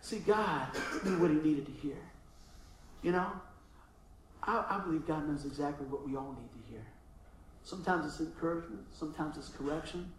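A middle-aged man preaching a sermon, telling animated stories and often asking the congregation "amen?". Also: on the high side, moderate pace, distant mic. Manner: animated storytelling, frequent call-and-response "amen?". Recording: echoey room with faint ambient noise.

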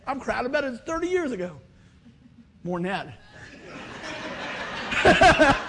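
A middle-aged man from West Virginia preaches through a personal story, his voice high and swinging widely in pitch. He acts out the people in the story and breaks into loud whoops, with faint room noise behind him. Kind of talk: storytelling sermon.

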